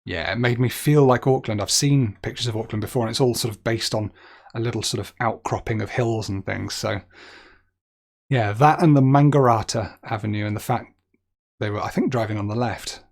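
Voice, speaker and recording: A fairly low-voiced young man talks through a guessing game as he plays it. He thinks aloud in a loose, chatty way and makes light of his own misses. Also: fairly quick, gravelly, a little mellow. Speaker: game streamer. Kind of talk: gaming commentary.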